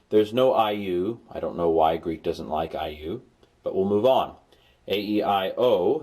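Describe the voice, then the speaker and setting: A middle-aged man teaching a recorded Greek lesson, sounding out vowels slowly and repeating them with enthusiasm. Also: fairly low pitch, darkish tone.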